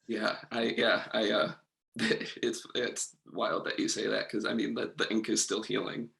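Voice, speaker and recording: Hesitant young man with a gravelly voice. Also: lowish voice, level tone, a bit bright. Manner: hesitant, halting, with fillers. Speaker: guest. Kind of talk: casual conversation.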